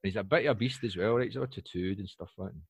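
Fast-talking husky British man. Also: on the low side, no room sound. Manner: rambling, animated storyteller with many fillers. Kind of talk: casual chat. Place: lives in Poland.

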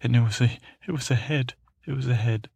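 A man's voice: mid-range voice, gravelly, a little mellow, breathy edge, no room sound, pitched above the performer's own voice. A man doing meek little prince Tommen, rambling. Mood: timid, fretful. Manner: rambling, halting, stammering storytelling. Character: timid young boy king's brother, fearful, meek. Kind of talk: bedtime story to help sleep.

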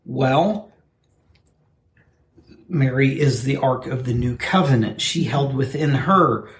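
A man's voice: mid-range voice, slow pace. A man co-hosting a casual podcast about faith, talking in a playful way with joking asides. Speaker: podcast co-host. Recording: roomy echo, faint room noise.

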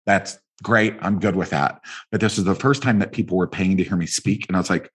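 A man speaks as a guest in an interview, his voice sitting very low. There is a husky grain to it as he tells his stories with lively energy, slipping into the voices of the people he quotes. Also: brisk, few pauses. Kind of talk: conversational interview storytelling.

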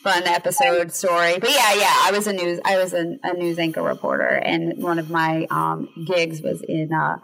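A woman hosting a podcast in a chatty, rambling way, full of fillers and quick asides. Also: fairly low pitch, steady tone, gravelly, fairly bright tone, low-quality recording. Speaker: podcast host. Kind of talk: casual podcast interview.

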